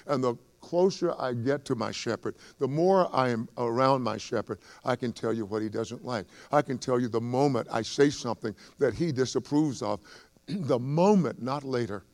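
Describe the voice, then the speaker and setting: A male pastor delivers a sermon in a gravelly, fry-tinged voice at a middling pitch. He repeats his phrases again and again. At his peaks he climbs into fervent, raised emphasis. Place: church sanctuary.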